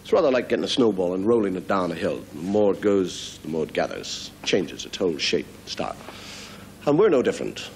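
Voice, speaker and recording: An Irish man, a comedian and host, telling a story in an animated stand-up style in a TV studio before an audience. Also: low voice, brisk, creaky, a little hiss or hum. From Ireland.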